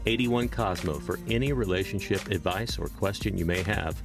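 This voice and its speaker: A man co-hosting a call-in radio show, reading the phone number briskly and joking dryly. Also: sits low, gravelly, music in the background. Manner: dry joking sidekick, brisk announcer reads. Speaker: radio co-host.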